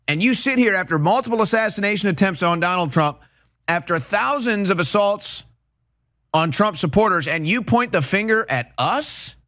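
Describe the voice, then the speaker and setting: Indignant male commentator, lively pitch. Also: normal speed, no echo, studio quality. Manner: indignant, emphatic repetition. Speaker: political commentator. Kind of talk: opinion commentary.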